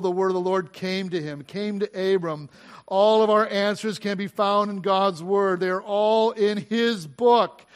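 Middle-aged male pastor with a high voice, preaching with rising emphasis and rhetorical questions. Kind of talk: sermon.

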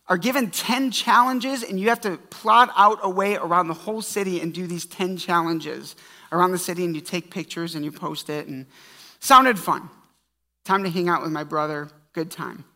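Bright-voiced male pastor in a reverberant hall. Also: high-pitched. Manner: conversational storytelling preaching with humor. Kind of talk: sermon.

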